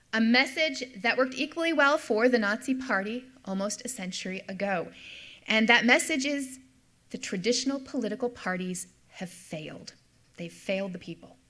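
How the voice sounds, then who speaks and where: Speaking with slides, a middle-aged history professor explains her subject, returning to key points to stress them. Her voice is on the high side and a bit bright.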